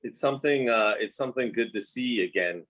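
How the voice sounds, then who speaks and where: A man's voice: mid-range voice, fairly quick, a bit bright. A man co-hosting a boxing podcast in casual sports chat, easygoing and agreeable.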